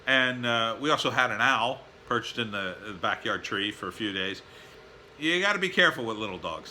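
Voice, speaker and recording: Bright-voiced man telling a rambling home story. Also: fairly low pitch, lively intonation, normal speed, slight background noise. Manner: rambling, with many fillers and tired sighing asides. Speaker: vlogger. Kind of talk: casual storytelling vlog. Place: at home, backyard and indoors.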